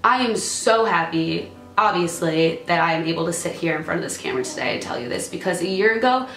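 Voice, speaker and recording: A young YouTuber speaks to her viewers from a room at a computer or camera, reading and talking about her past while fighting back tears. Her fairly low, a bit bright voice is brisk with lively intonation, over soft background music in a roomy-sounding space.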